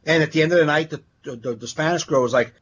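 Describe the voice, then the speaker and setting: On a dull, lo-fi podcast recording, a stand-up comedian tells club stories in casual, profane chat. His husky voice is on the high side and fast, and he animates the tales by acting out quotes.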